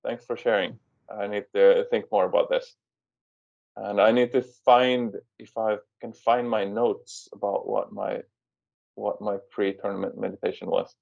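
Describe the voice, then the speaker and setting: A man's voice: lowish voice, steady tone, unhurried, vocal fry, a little mellow, dry recording. A man hosting an interview, talking hesitantly and thinking aloud. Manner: hesitant, thinking aloud with short agreeing replies. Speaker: podcast host. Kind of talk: casual interview talk. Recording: dull, lo-fi, dry sound.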